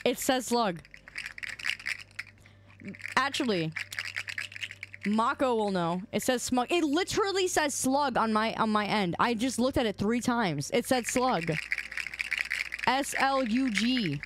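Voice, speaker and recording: A woman game streamer in casual live-stream chat, playful and teasing, arguing loudly with her chat. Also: fairly high pitch, lively intonation, takes it slowly, pauses often, background noise. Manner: playful, teasing and argumentative, loud when riled.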